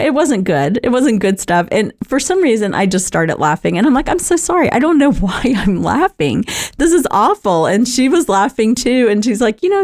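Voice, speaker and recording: Middle-aged woman, low-pitched, sharing personal stories in a candid, conversational way. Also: a little mellow. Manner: candid, conversational, laughs often, many fillers. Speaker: talk host. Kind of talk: personal talk on positive mindset.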